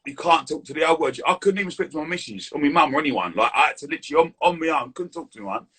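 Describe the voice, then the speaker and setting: A man chatting casually as a guest, full of quick banter and a husky edge. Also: on the high side, expressive, pushed and bright. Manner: fast, chirpy banter with lots of "mate". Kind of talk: casual chat.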